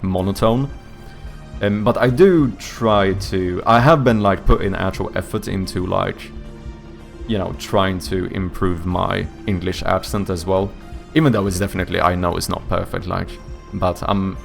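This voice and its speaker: A young man from Sweden speaks English with a light Swedish accent and a low, gravelly voice. He chats loosely with his stream viewers, wandering through his thoughts, hunting for the right word and swearing in passing. Faint music sits behind him. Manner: rambling, searches for words, swears casually. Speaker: streamer and indie game developer. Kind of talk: casual live-stream chat with viewers.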